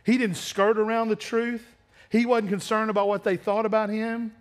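A man preaching a sermon as pastor, blunt and confrontational, dropping to quieter asides. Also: sits high, little pitch movement, normal speed. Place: church sanctuary.

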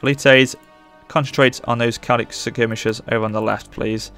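A man narrates his strategy battle as he plays, rapidly switching from calm explanation to shouted orders. His voice is smooth and clear, sitting at an ordinary pitch. Faint music plays underneath. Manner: urgent, excitable, barks orders at units. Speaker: gaming channel host. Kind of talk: live gameplay commentary.

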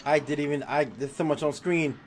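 A man commenting on a video game as he plays, excitable and swearing, laughing at his own fails. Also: fairly high pitch, a little fast, faint music behind. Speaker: gaming YouTuber. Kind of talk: let's play commentary.

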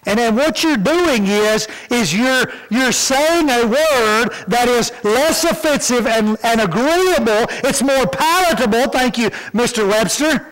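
A man's voice: very high voice, animated, unhurried, hardly any pauses, a bit bright. A man preaching a sermon in a folksy way, often repeating words as he starts a sentence. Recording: church hall reverb.

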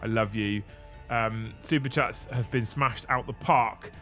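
A man in his thirties hosting a livestream, animated and joking, swearing casually, on a studio mic. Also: medium pitch, measured pace, soft background music. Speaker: livestream host.

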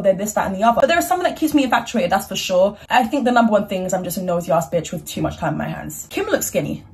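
A woman's voice: mid-range voice, darkish tone, slight background noise. A young woman vlogging in a chatty, slangy, frank way. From United Kingdom. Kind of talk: casual chat.

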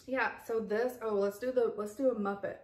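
A woman's voice: fairly high pitch, steady tone, moderate pace, reverberant. A woman chatting casually at home as a vlogger, rambling with frequent asides and laughs. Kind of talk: casual unboxing chat. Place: home kitchen table with pets around.

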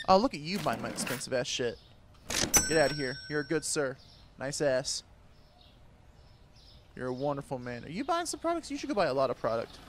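A man's voice: medium pitch, animated, moderate pace, pauses often, noisy background. A man giving crude, joking commentary while playing a game, trash-talking the characters on screen and laughing often. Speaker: gaming YouTuber. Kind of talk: gameplay commentary.

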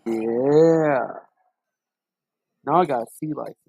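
A young man giving casual, profane, excitable commentary while playing a racing game. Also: medium pitch, slow pace, vocal fry, slightly rough, no echo, low-quality recording. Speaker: gaming channel host.

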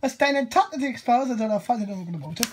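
Woman, high voice, very lively, playful storytelling. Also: racing, slight background noise.

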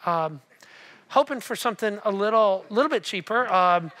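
A man's voice: sits high, animated, normal speed, pushed and bright, in a large hall, low-quality recording. A man voicing a wealthy, stingy shopper who hesitates and haggles over the price. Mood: hesitant.

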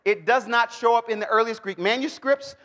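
A man teaching the Bible to a live audience, animated and joking, calling for responses and bursting into shouts. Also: very high-pitched, brisk. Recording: long hall reverb.

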